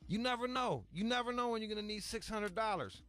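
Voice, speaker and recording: A man's voice: high-pitched, lively intonation, quick pace, pushed and bright, faint music behind. A man from Michigan telling a long, profane story in casual chat, full of asides and acted-out quotes. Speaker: podcast host.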